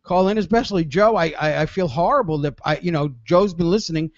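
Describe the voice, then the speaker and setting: A man's voice: fairly high pitch, a little fast, no room sound, dull audio. A man hosting a casual radio show, telling stories in a rambling, laughing way.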